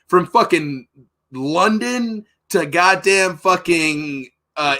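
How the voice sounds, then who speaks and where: A man's voice: sits high, sharp tone. A man co-hosting a podcast, telling family stories in casual, heavily profane chat. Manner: profane, emphatic family anecdotes.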